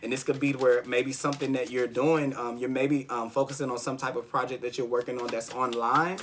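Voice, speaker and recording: A man's voice: medium pitch, flat delivery, brisk, fairly bright tone. A man giving a casual tarot reading, rambling and encouraging, often checking in with "okay?". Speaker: tarot reader.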